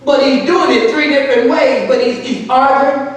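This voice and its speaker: A man's voice: very high voice, fairly even intonation, moderate pace. A male pastor, preaching a sermon emphatically and prompting the congregation to respond. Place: large church hall. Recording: echoey church hall from far off.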